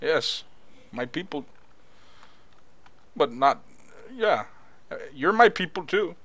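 A man in a loose online voice chat who keeps cracking up at his own jokes. His voice is high and bright, and it swings widely in pitch. He talks slowly and playfully. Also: sing-song, no echo. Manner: joking, laughs often. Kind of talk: casual voice chat.

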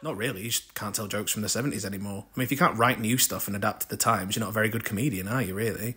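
A man with a Mancunian accent, a comedian playing a customer, who gives short, flat replies and then quick, dry rebuttals. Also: fairly low pitch, husky. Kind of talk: sketch comedy acting.

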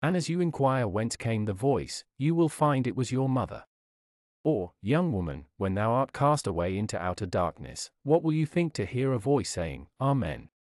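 A man's voice: mid-range voice, very animated, moderate pace, darkish tone, no echo, studio quality. A man reading a sermon aloud in a solemn, declamatory way, with dramatic rises and falls. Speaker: preacher.

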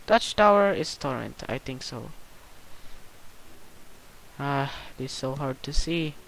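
A gameplay commentator in casual, goofy play-by-play who squeals and yells at jumps and mutters between them. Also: mid-range voice, slight background noise, poor audio.

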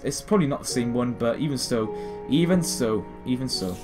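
This British gaming host, a man in his late teens, talks in a mid-range voice that is animated and a little fast, with music in the background. He wanders through gameplay commentary, often making fun of himself.

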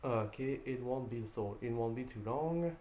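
A man's voice: medium pitch, normal speed, dark tone, a little hiss or hum. A man streaming a video game, talking casually to his viewers in an exasperated, sighing way and repeating himself as he vents. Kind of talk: casual live-stream chat. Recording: roomy echo.

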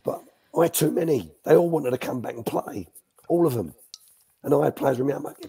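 A man's voice: mid-range voice, lively intonation, a little fast, vocal fry, warm tone, husky. An older man, a former youth coach, telling anecdotes as a guest in a live Q&A, restarting sentences as he goes. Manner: chatty, restarts sentences, acts out quotes.

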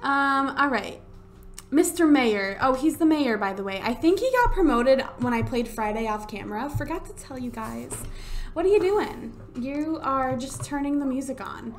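A woman's voice: high-pitched, expressive, moderate pace. A woman giving casual gameplay commentary at home, exasperated, talking to the game characters and drawing out her wows. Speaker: let's play host. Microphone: desk USB microphone.

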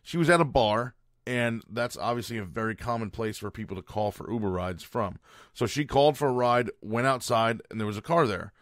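A man's voice: mid-range voice, fairly quick, no echo, clean studio sound. A man hosting a podcast, telling a story as a casual rant in a blunt, profane and exasperated way. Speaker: podcast host.

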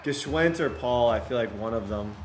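A young man giving excitable commentary while playing a football video game, often bursting into loud shouts over big plays. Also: medium pitch, moderate pace. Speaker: gaming YouTuber. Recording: echoey room with game music behind.

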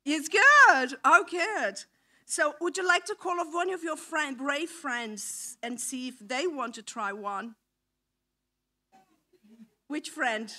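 A middle-aged Brazilian woman speaks with a high, bright voice. She takes her time, coaxing children playfully in a church talk. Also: a little slow. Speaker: visiting mission speaker. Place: church hall.

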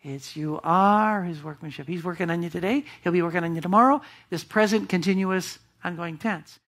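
A woman's voice: lowish voice, brisk. Emphatic woman pastor preaching. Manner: emphatic, with rhetorical questions to the congregation. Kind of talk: sermon. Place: church.

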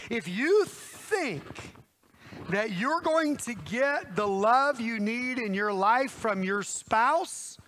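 A man preaching a sermon in a church, folksy and animated, talking straight to his congregation. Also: high-pitched, slight background noise.

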